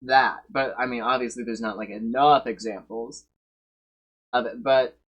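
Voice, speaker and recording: Man, streamer, husky voice, casual reaction talk, excitable. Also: mid-range voice, measured pace. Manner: swearing, loud bursts of excitement.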